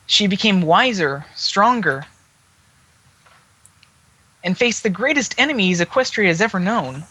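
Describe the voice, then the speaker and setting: A gentle young male dragon, as read aloud by a panelist in a casual comic read-along. The voice is bright and sharp and moves lively up and down, with a few stumbles. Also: mid-range voice, measured pace, low-quality recording. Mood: doubtful.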